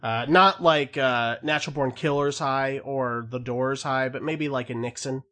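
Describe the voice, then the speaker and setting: A man co-hosting a podcast chats loosely, stumbling through fillers and restarts. His mid-range voice is pushed and bright, with fairly even intonation and a slightly slow delivery.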